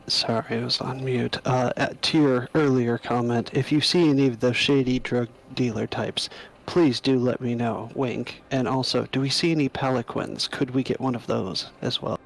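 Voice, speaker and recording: A man's voice: medium pitch, steady tone, moderate pace, gravelly, rough recording. A man playing a tabletop game, chatting casually and cracking jokes. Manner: joking, playful. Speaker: player.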